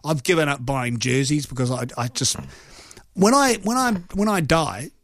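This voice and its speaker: A man's voice: a little high, animated, moderate pace, a bit bright, dry recording, studio quality. A middle-aged man from New Zealand hosting a sports radio show, chatty and joking at his own expense, rambling with filler words. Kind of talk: casual live radio chat.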